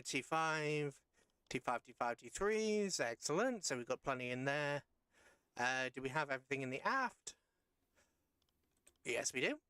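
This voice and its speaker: A tired man casually commenting as he plays a submarine game live, rambling and correcting himself with playful jumps in pitch. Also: a bit bright, smooth, no echo. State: tired after a long rough day. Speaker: streamer playing a submarine game.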